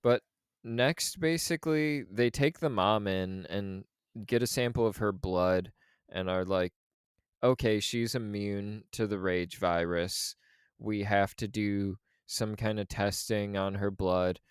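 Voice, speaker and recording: A man's voice: fairly low pitch, fairly even intonation, slow pace, smooth, no echo, studio quality. A man co-hosting a podcast, chatting casually about a film in a laid-back, rambling way, laughing now and then. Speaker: podcast co-host.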